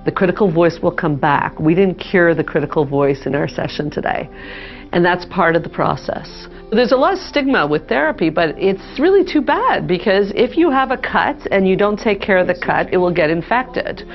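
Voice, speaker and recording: A woman therapist, calmly and steadily guiding a client through an exercise, on a dull lo-fi recording. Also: fairly low pitch, moderate pace, soft background music. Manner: calm, directive, steady.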